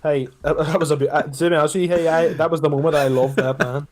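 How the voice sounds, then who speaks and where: A man, co-hosting a podcast in casual chat and telling stories with sweary, animated retellings. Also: a little high, fast. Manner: animated storyteller, swears, mimics shrieks. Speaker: podcast co-host.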